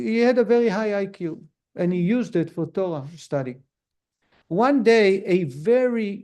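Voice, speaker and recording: A man's voice: high voice, darkish tone. A middle-aged man, a rabbi, giving a conversational lesson to a class, telling stories and putting questions to his listeners. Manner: storytelling, asks the audience questions.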